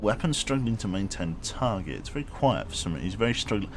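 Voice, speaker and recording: A man's voice: on the low side, very animated, fast, over music. A man streaming a submarine game, chatting casually with dry, self-mocking humor. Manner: rambling, wry, self-mocking. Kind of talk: casual live-stream commentary. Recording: noisy background hum.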